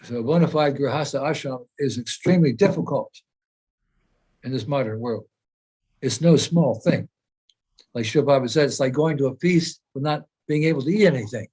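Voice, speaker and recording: A man's voice: medium pitch, fairly quick, darkish tone, slightly rough. A man speaking as a spiritual teacher in an informal discussion, earnest and explanatory, often repeating phrases as he searches for words.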